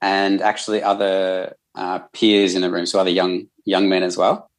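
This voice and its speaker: A man's voice: sits low, monotone, moderate pace. An Australian man, a counsellor, explaining his work in a thoughtful, earnest way as a podcast guest. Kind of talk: casual conversational interview.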